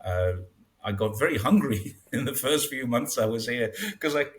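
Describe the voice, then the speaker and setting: A man in his sixties, born in Britain, chatting casually in an interview and telling stories with lively acted-out dialogue. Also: mid-range voice, moderate pace, a little hiss or hum. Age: 60s. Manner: chatty storyteller, acts out dialogue in raised voices. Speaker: guest.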